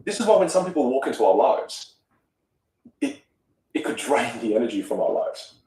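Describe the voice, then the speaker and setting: A man coaching on a podcast, talking in an expressive, musical way and repeating words as he gets going. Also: mid-range voice, moderate pace. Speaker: voice coach guest. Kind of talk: animated podcast conversation. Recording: roomy room, distant mic.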